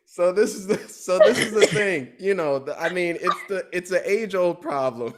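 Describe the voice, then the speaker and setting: A man's voice: sits high, lively intonation, moderate pace, slight background noise. A young man, a guest on a casual podcast chat, talking hesitantly with laughs and trailing off.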